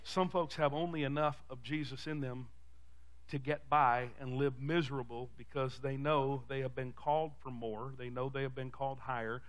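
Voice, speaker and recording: A man with a Texan accent preaching a sermon as pastor, calling out to the congregation and swinging from shouted peaks to quiet, fast asides. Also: mid-range voice, fairly even intonation. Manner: preaching with call-and-response, rising to shouts. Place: church sanctuary.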